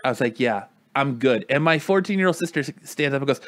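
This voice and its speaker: A man's voice: medium pitch, fairly quick, few pauses, fairly bright tone, no echo. A man in casual chat with friends, telling a long story in a rambling way, full of "like" and acted-out quotes.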